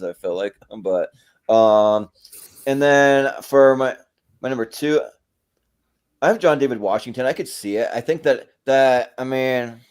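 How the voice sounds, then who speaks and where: A man's voice: mid-range voice, a little mellow. A man on a casual panel chat, hesitant, repeating words and laughing often.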